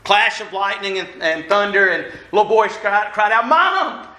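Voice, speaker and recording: A man's voice: high voice, fairly even intonation, normal speed, pushed and bright. A man giving a folksy, self-deprecating sermon as a minister, walking around as he talks. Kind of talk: conversational sermon. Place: church hall. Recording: echoey church hall.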